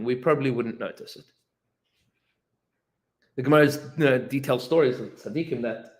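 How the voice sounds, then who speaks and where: A rabbi gives an informal Torah class, his voice mid-pitched and lively as he tells the story. He stops and restarts often and fills gaps with "uh" and "like." The room carries a clear echo. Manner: animated storyteller, many fillers and restarts, acts out quotes.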